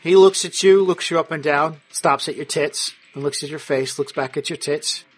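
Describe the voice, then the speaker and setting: A man running a tabletop game, narrating action crudely and vividly. His voice sits high for a man, with faint music underneath. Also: normal speed, breathy edge. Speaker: game master.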